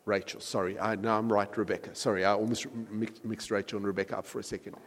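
A man preaching a sermon, retelling a scripture story in a conversational way and correcting himself with quick apologetic asides. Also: fairly low pitch, flat delivery, in a large hall.

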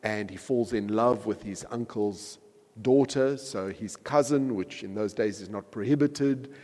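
A man preaching a sermon, retelling a scripture story in a conversational way and correcting himself with quick apologetic asides. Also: fairly low pitch, darkish tone, long reverb tail.

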